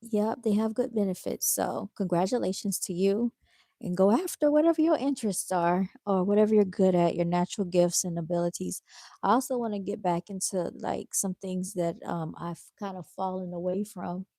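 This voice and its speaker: A woman chats with her livestream viewers in a laid-back, tired way, calling them y'all and reading their comments aloud. Her voice sits at an ordinary middle pitch, and the sound is dry, with almost no room echo. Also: normal speed, warm tone. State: tired, yawning. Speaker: livestream host. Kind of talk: casual livestream chat.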